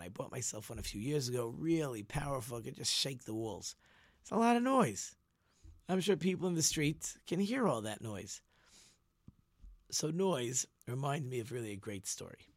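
A man telling a story in a casual talk, animated, repeating words and acting out the people in it. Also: mid-range voice, normal speed, dry recording, clean studio sound. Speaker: storyteller and teacher.

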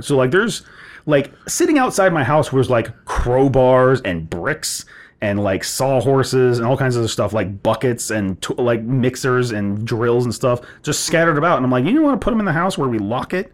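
Young guy, casual co-host storyteller, swears, lots of "like", mid-pitched. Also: normal speed. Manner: animated, swears freely, many "like" fillers. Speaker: podcast co-host telling a story.

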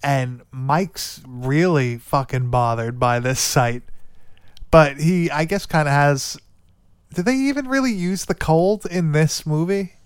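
A man talks through a movie's plot in loose, chatty podcast fashion, tossing in swear words and filler as he goes. His voice is smooth and clear. The sound is dry and close, with no room around it. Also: a little high, slow pace, no echo. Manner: rambling, swears often, lots of "like" and "dude". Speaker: podcast co-host. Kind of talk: casual movie recap chat.

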